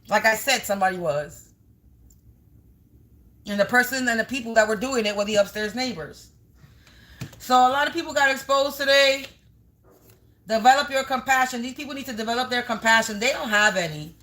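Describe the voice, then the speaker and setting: Woman, high bright voice, spiritual reader on camera, emphatic and profane, repeats herself. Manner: emphatic, repetitive warnings with frequent swearing. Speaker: tarot and energy reader. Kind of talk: spiritual reading vlog to camera.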